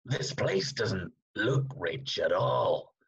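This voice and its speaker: Un homme qui joue un tueur à gages bavard et rocailleux. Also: male voice, low-pitched, sing-song, takes it slowly, muffled recording, full character voice. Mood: puzzled. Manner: rambling, eager to please, gravelly. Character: dim-witted male hired killer, chatty. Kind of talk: amateur video-call play.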